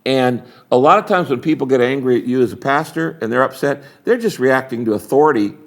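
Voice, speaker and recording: An older man, a retiring pastor, speaking as an interview guest in an emphatic, animated, preacherly way, acting out little dialogues as he talks. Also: mid-range voice, fairly quick.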